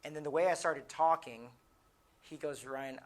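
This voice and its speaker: A man's voice: a little high, moderate pace. A male military chaplain telling a personal story at a family training session, conversational, acting out quoted dialogue with many restarts. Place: lodge conference room.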